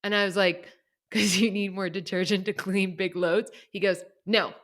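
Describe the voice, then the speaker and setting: Animated woman telling a story. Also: mid-range voice, normal speed. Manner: animated storyteller, laughs often, quotes others. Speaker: podcast co-host. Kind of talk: casual storytelling chat.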